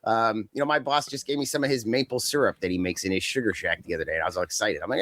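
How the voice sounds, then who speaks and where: A man co-hosting a casual wrestling podcast, rambling and joking, slipping into quick silly voices. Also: fairly low pitch, a bit bright. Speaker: podcast co-host.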